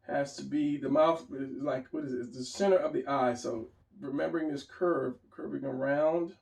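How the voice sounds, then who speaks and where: Hiccuping as he goes, a drawing teacher with a medium-pitched, slightly mellow voice marked by vocal fry rambles through a casual lesson. He keeps restarting while he draws and explains. The mic sits at a distance in a roomy space.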